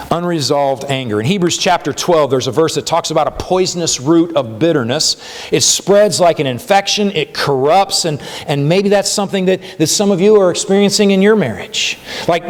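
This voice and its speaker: Man preaching in an echoing church. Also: fairly high pitch. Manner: conversational preaching with frequent "right?" tags and restarts. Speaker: pastor. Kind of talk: sermon. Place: church sanctuary. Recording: church hall with long reverb.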